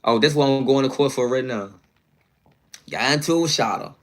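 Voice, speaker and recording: A man spinning a long personal story in loose, slangy conversation. He rambles, restarts and keeps checking in with his listener as he talks. His voice sits at an ordinary middle pitch for a man. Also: fairly quick. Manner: slangy, rambling, fond of "you know what I'm saying". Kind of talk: casual storytelling.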